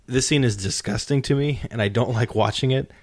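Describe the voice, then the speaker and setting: A man's voice: medium pitch, a little fast, no room sound, clean studio sound. A man hosting a casual podcast chat, talking in an earnest, rambling way as he retells scenes. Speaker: podcast host.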